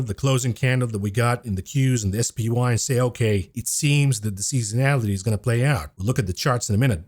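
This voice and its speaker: Man giving brisk, emphatic market commentary. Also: medium pitch, darkish tone. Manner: brisk, emphatic, talks through charts. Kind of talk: scripted-sounding market commentary.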